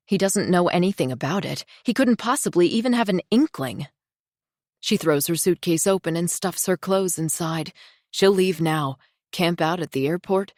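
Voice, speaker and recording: A woman reading a thriller audiobook in a tense, measured storytelling voice. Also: lowish voice, dry recording, studio quality. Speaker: audiobook narrator. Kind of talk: scripted thriller narration.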